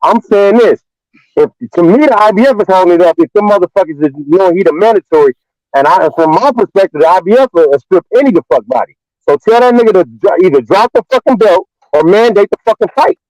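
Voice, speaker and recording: A man's voice: high voice, lively intonation, fast, darkish tone, dry recording, rough recording. A man on a boxing talk panel who stammers and repeats words as he presses his question in a heated casual debate. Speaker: guest panelist.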